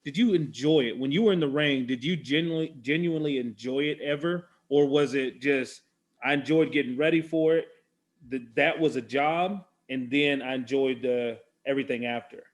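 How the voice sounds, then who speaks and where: A man's voice: mid-range voice, moderate pace. A man hosting a casual interview, thinking aloud as he builds long, reflective questions. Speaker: podcast host, interviewer.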